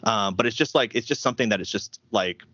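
A man's voice: on the low side, fast talker, bright, forceful tone, dry recording, highs cut off. A man who streams and does voices, chatting casually on a voice call, hesitant and full of restarts. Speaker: streamer and amateur voice actor. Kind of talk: casual podcast chat over a voice call. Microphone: voice call, camera off.

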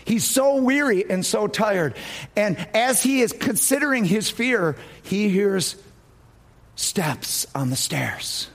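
Animated preacher with a dramatic delivery. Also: male voice. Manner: dramatic storytelling, dropping to low quiet tones. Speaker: pastor. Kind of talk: sermon.

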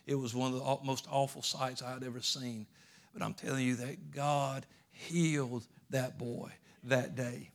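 During his sermon, a male pastor recounts a story, moving back and forth between quiet, murmured asides and loud, forceful proclamations.

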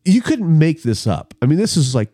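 A man telling a story in a casual chat, animated and acting out the people in it. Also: on the high side, moderate pace, no room sound, clean studio sound.

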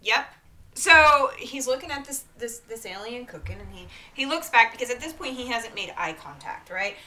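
Woman gabbing through a story, voice all over the place, bright tone. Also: a little high, normal speed. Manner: animated, acts out quotes, asks "right?" often. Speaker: podcast co-host telling a story. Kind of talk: casual chat, storytelling.

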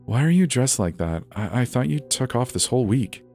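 A man's voice: medium pitch, big pitch swings, brisk, darkish tone, faint music behind, voice pushed up. A man voicing a nervous young woman. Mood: wry. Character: anxious young woman homeowner, curious and stubborn.

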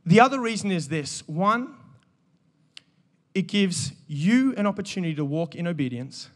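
A man, preaching an energetic sermon and joking with the congregation. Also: high-pitched, moderate pace. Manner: animated, joking, calls out to the congregation. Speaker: pastor. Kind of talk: energetic sermon with audience banter.

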